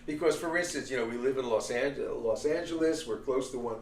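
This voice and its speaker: A man's voice: medium pitch, a little fast, echoey room, far from the mic, slight background noise. A man co-hosting a podcast, voicing strong opinions and stumbling over repeated words. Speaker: podcast co-host. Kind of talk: casual political chat.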